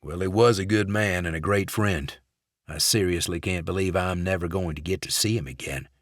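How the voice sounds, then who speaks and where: A man voicing a cold, ruthless male covert operative who speaks in a calm, clipped, controlled way. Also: deep voice, moderate pace, no room sound, clean studio sound, lightly acted. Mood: feigned friendliness.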